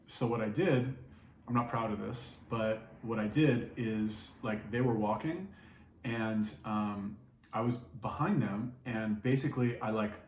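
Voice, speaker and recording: Brief: young guy, casual profane storytelling, echoey room, faint noise. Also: medium pitch. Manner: profane, rambling, filler-heavy. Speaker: vlogger.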